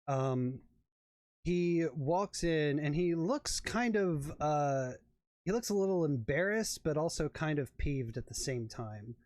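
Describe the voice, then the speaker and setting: A man narrating as game master, in an unhurried, halting manner. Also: fairly high pitch, animated, darkish tone, no echo, clean studio sound. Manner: unhurried, with many fillers and restarts.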